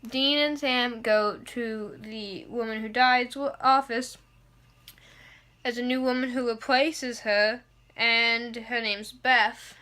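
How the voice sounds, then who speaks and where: A young woman recapping and reviewing a TV episode in a chatty, excitable way, with frequent fillers. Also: a little high.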